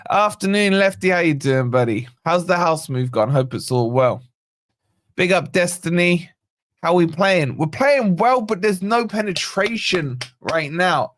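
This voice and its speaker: A man hosting a live football watch-along, calling the play and greeting viewers by name in a chatty, excitable way. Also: high voice, unhurried, no echo, studio quality. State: yawning, tired. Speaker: fan channel host.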